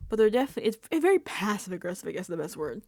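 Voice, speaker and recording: A woman's voice: medium pitch, very animated, racing, a little mellow, dry recording. A woman vlogger giving a casual reality TV recap, laughing often and dropping into whispered asides. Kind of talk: casual recap and reaction commentary.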